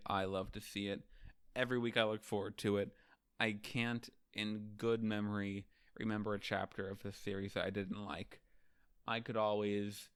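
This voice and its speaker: Smooth-voiced man, profane and chatty. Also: on the low side, no room sound, studio quality. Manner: profane, loose and chatty, recaps scenes by acting out characters' lines. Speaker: host of a manga ranking show. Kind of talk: casual manga chapter review.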